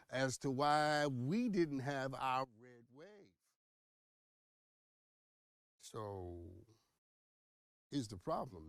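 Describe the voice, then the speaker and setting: A man hosting an opinionated news commentary show, teasing and animated, full of rhetorical questions and playful asides. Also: on the high side, no room sound, clean studio sound.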